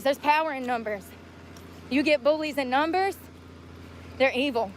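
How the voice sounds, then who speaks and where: A profane, combative woman vents on a phone livestream as she walks a town street. Her voice sits a touch high and sounds weary and sore. Faint traffic hums behind her. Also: measured pace. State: weary and in pain from walking. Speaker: homeless livestreamer. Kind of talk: angry livestream rant.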